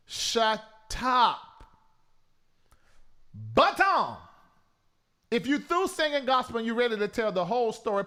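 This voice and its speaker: High, lively male talk-show host. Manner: animated, loud and mocking, with preacher-like mimicry. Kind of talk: casual commentary.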